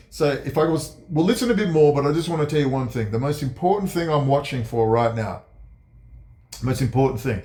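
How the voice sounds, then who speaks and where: A man giving ranting commentary, sarcastic and profane, dropping to low mutters and jumping to high mocking outbursts. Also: a little mellow. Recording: echoey room.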